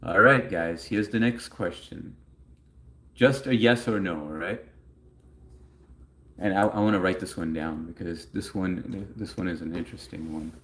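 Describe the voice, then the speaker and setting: A man with a notably deep, low-pitched voice hosts a casual livestream. He chats loosely and rambles, reading viewers' messages aloud and answering them as he goes. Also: unhurried, pauses often, fairly bright tone. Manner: rambling, chatty, reads chat messages aloud. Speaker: livestream host answering chat.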